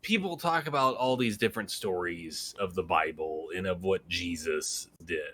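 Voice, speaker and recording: A man co-hosting a podcast, chatting casually in an animated way and swearing freely. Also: sits low, moderate pace, a little hiss or hum. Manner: animated and profane. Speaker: podcast co-host. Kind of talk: casual chat.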